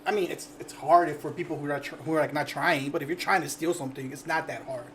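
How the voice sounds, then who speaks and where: Animated man swearing through his stories. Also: a little high, quick pace, a little hiss or hum. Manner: animated, profane, laughing storytelling. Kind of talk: casual chat.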